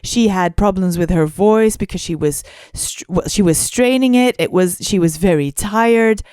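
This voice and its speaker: A woman's voice: mid-range voice, moderate pace, darkish tone, smooth, no echo, clean studio sound. A woman co-hosting a podcast, musing aloud in casual chat and often searching for words. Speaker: podcast co-host.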